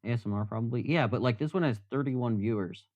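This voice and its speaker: A man's voice: medium pitch, quick pace, a little mellow, dry recording, highs cut off. A man casually chatting with viewers on a live stream, rambling and self-deprecating.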